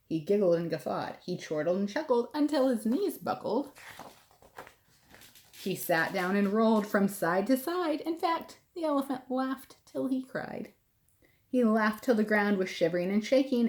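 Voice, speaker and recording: A woman reading a picture book aloud for preschoolers in an expressive, sing-song way. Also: medium pitch. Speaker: preschool storytime reader.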